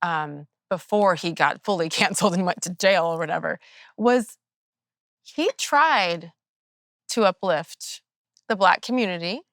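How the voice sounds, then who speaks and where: A woman hosting a podcast interview, talking in an earnest, measured, opinionated way. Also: fairly low pitch, fairly bright tone, no room sound, clean studio sound. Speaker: podcast host. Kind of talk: interview conversation.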